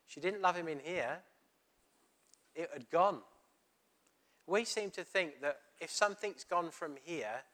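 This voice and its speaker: A middle-aged man giving a sermon, telling a story and acting out the dialogue. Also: on the high side. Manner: storytelling, animated, retelling dialogue. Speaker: preacher.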